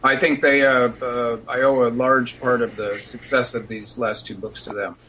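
A middle-aged man, an author being interviewed on radio, answering in a measured, thoughtful way. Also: mid-range voice, level tone, bright, forceful tone, a little hiss or hum, rough recording. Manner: measured, thoughtful, with some fillers. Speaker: author guest.

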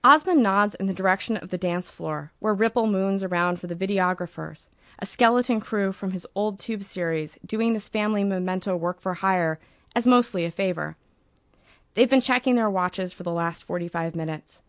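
A woman's voice: medium pitch, moderate pace, dry recording. Woman narrating an audiobook, dry sound.

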